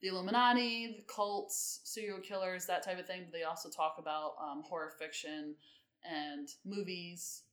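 Woman podcast co-host, rambling casual chat, lower pitch, echoey room. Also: steady tone, normal speed, a bit bright. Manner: rambling with many ums and restarts.

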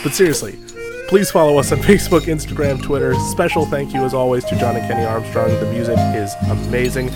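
A man's voice: mid-range voice, fairly even intonation, a little fast. A man co-hosting a movie podcast, chatting casually with restarts, laughing often. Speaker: podcast co-host. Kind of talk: casual chat. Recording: music playing underneath.

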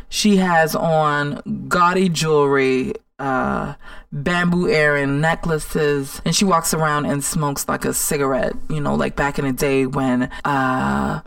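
A woman's voice: sits low, vocal fry, no room sound, recorded from a distance. Sassy, emphatic woman podcast host. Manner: sassy, emphatic, repeats words for stress. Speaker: podcast host and life coach. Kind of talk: casual motivational monologue.

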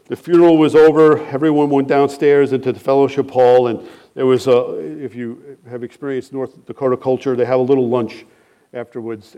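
A man pastor preaching a sermon in an earnest, measured way, letting his phrases fall soft at the ends. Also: mid-range voice.

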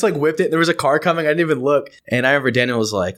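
An American man, hosting a casual chat and telling animated stories. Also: mid-range voice. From United States. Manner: animated, fast anecdotes with voiced quotes.

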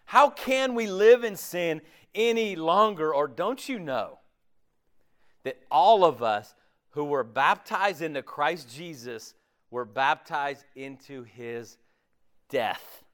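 A man preaching a sermon in a conversational, animated way, often acting out imagined voices. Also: a little high, slow pace.

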